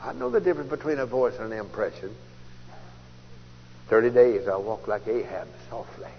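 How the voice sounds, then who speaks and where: A man telling his conversion story as a sermon, folksy and storytelling, jumping from loud outbursts to hushed asides. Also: fairly low pitch, animated, normal speed. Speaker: preacher giving testimony. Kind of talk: testimony sermon. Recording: dull old tape recording in a large hall, faint hiss.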